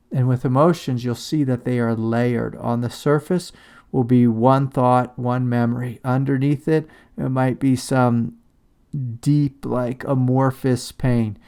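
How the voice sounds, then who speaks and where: A man giving a calm, reflective spiritual talk as a teacher. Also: mid-range voice, measured pace, gravelly. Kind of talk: satsang talk on shadow work.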